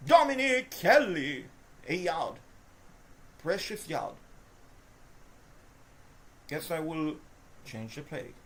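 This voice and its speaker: A woman commentating her own video game play, swinging between frustrated groans and shouted cheers, talking to the players and to her viewers. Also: low voice, big pitch swings, takes it slowly, long pauses, a little hiss or hum. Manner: talks to the players and to viewers as folks. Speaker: gaming video host. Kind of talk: live gameplay commentary.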